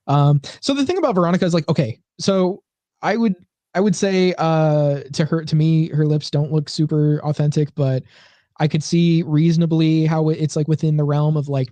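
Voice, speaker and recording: A man's voice: fairly high pitch, warm tone, no echo. A man co-hosting a casual comedy podcast, rambling with lots of fillers and restarts. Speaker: podcast co-host.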